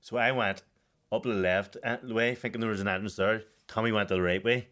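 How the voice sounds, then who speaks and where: A man's voice: lowish voice, steady tone, fairly quick, a bit bright. A young male boxer co-hosting a podcast, telling a story in casual chat and laughing often.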